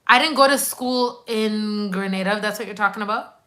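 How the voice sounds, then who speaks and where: Speaking slightly quickly in a medium-pitched, sharp-toned voice, this woman from Quebec, Canada, works as a nurse and YouTuber. She chats casually on a live stream, reacting to viewer comments with slangy, emphatic asides.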